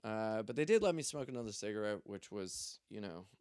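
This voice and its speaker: A man's voice: on the low side, expressive, a little fast, a little mellow, no room sound, studio quality. A young man telling a story in a loose, profane, joking way. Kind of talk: casual storytelling.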